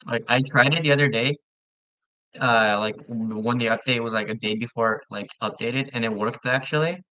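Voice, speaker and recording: A man's voice: medium pitch, moderate pace, no room sound, highs cut off. Casual man chatting over a game. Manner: relaxed, chatty, stumbles and restarts often. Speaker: gamer playing with a friend. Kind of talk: casual gaming chat.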